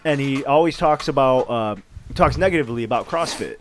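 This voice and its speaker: A man's voice: mid-range voice, a little fast, a little hiss or hum. A man co-hosting a podcast in a small studio, telling a rambling story and acting out the quotes in it. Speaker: podcast co-host. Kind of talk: casual chat, telling a story.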